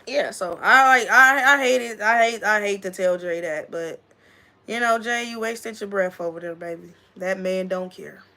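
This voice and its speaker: A woman's voice: mid-range voice, normal speed, bright, forceful tone. Emphatic woman livestreaming, repeating herself. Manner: emphatic, repeats herself, talks straight to a friend. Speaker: livestream host. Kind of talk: casual livestream talk to viewers.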